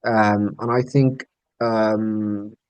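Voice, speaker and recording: A man's voice: lowish voice, flat delivery, extremely slow, clean tone, dry recording, low-quality recording. A man from Sudan who speaks natively, talking earnestly as an interview guest in English with slightly grammar. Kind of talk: casual interview chat.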